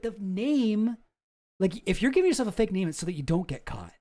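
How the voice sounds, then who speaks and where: A man's voice: high voice, sing-song, fairly quick, warm tone. A man streaming, reacting to a video in a rambling, exasperated way and swearing freely. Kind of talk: casual commentary.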